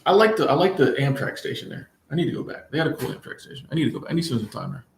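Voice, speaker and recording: A man's voice: a little high, rapid-fire, creaky, a little hiss or hum. Playful man chatting in an echoey room. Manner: relaxed, playful, repeats phrases, laughs often. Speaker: livestream host answering chat. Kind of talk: casual live chat.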